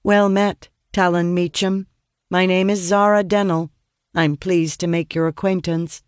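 A man's voice: sits high, flat delivery, a little slow, clear, resonant tone, dry recording, studio quality. A man voicing a poised young woman mage who speaks coolly and composedly. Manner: cool and composed.

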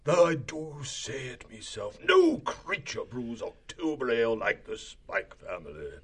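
A man voicing an ancient, gruff and fussy male hedgehog cellar keeper in an audiobook, with a husky voice. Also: medium pitch, huge pitch swings, measured pace, voice pushed up, exaggerated voice. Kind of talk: audiobook reading.

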